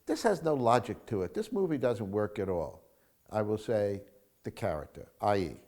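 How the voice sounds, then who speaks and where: A male screenwriter in an interview, talking in an animated storytelling way, acting out film scenes and swinging from hushed to loud. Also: lowish voice, moderate pace. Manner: acts out film scenes, mimics crowds, shifts from hushed to loud.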